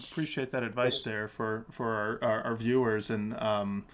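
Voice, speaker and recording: A man's voice: fairly low pitch, level tone, normal speed. A man hosting a live online interview over a video call, eager and laughing, with short interjections. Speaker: host. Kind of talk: casual live interview chat.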